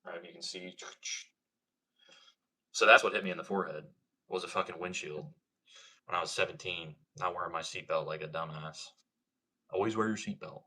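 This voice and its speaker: Low-voiced ohio guy w a little country twang, chill, cusses a lot, kinda bright edge. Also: moderate pace, pauses often, husky. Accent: slight Ohio country. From Ohio, USA. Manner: laid-back, swears a lot, says man and bro. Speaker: livestreamer. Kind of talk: casual livestream chat reading comments.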